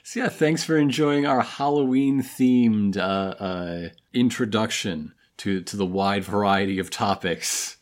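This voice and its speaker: Playful halting male podcast co-host. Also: fairly low pitch. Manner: playful, halting with many restarts. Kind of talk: casual chat, reading listener letters.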